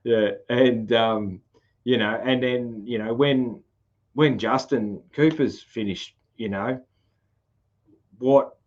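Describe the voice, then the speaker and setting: A man's voice: mid-range voice, fairly even intonation, slow pace, darkish tone, muffled recording. A man with a broad rural Australian accent hosting a casual podcast chat, rambling with lots of fillers and restarts. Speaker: podcast host.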